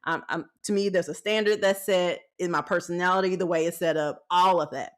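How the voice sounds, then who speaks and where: A woman in her thirties hosting a podcast, giving frank faith-based dating advice in a folksy, animated way, acting out what people said. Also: fairly low pitch, brisk. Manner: animated storytelling with acted-out quotes; folksy, frank, laughs often. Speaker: podcast host.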